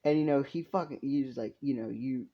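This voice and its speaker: A man's voice: mid-range voice, moderate pace. Rambling young man telling a fan story. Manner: rambling, filler-heavy, swears. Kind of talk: casual improvised storytelling. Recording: dull lo-fi recording.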